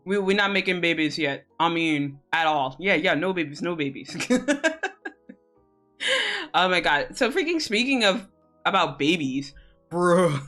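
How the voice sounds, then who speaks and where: A woman's voice: lowish voice, expressive, unhurried, a bit bright. A young adult woman chatting casually on a live stream, laughing often and swearing freely. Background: faint music.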